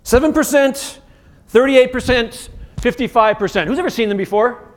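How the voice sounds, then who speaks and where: A man giving an interactive keynote as a communication coach, energetic and firing quick commands at the audience. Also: very high-pitched. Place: conference stage in a large hotel venue.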